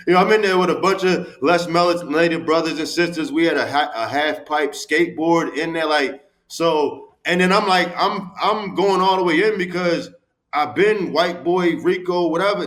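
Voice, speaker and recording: Brief: man, 40s, slightly higher voice, emphatic profane storyteller, roomy studio sound. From Baltimore, USA. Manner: animated, street-talking, profane, emphatic. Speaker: podcast guest. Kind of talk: candid storytelling interview.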